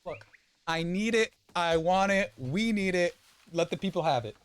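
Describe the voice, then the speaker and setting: A young man streaming a game and chatting casually, rambling with many restarts and quick laughs. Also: high-pitched, lively intonation, smooth. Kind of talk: casual chat while gaming.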